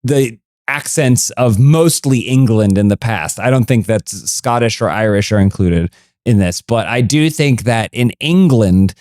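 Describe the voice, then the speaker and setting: A man's voice: medium pitch, a little slow, darkish tone, no echo, studio quality. An American man co-hosting a comedy podcast, talking in rambling, self-interrupting banter. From United States. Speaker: podcast co-host.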